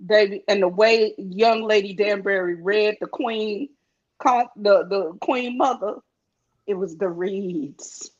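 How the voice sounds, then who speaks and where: A woman co-hosting a casual chat, animated and quick with laughing asides. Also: medium pitch. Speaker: podcast co-host. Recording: dull lo-fi stream audio.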